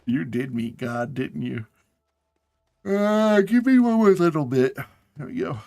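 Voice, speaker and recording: A man's voice: a little high, animated, unhurried, gravelly, mellow, no echo, soft background music. A man casually chatting to his viewers while playing a game on a live stream, sounding tired and yawning. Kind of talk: casual live gameplay chat.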